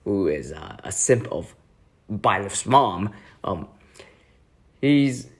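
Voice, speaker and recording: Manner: slow, hesitant young man. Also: lowish voice, sing-song. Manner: hesitant, many fillers, laughs often. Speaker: vlogger. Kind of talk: casual chat.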